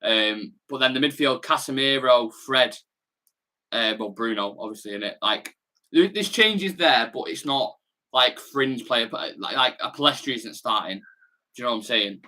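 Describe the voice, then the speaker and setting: Salford lad doing a live footy watch-along, mid pitch, bright voice, blunt cheeky banter. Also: male voice, normal speed. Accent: Salford, Manchester. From Salford, England. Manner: chatty and blunt, banter with slang. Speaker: football fan channel host. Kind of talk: live watch-along chat reading viewer comments.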